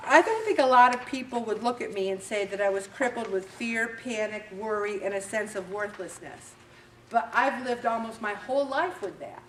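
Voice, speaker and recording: A woman hosting a faith talk show, giving a motivational talk in an animated, self-mocking way and acting out little scenes. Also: a little high, slight background noise. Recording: roomy echo, distant mic.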